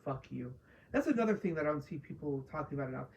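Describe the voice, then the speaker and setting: A woman's voice: sits low, animated, fast, a little mellow, a little hiss or hum, low-quality recording. A woman casually ranting through a spoiler review of a TV episode, profane and exasperated, mocking characters she dislikes. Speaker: TV show reviewer.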